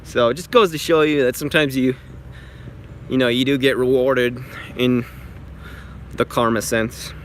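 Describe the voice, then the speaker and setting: A man's voice: mid-range voice, fairly even intonation, normal speed, pauses often. A man telling a story in a casual vlog, chatty and exasperated, swearing freely, recorded outside near traffic. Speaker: vlogger.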